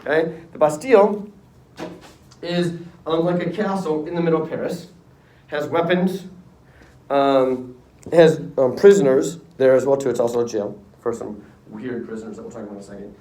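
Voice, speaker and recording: A middle-aged man teaching a history class in a casual, joking way, often slipping into quick voices for the people in his story. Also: medium pitch, fairly even intonation, dark tone. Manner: jokey storytelling, acts out quick character voices. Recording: echoey classroom, voice from far off.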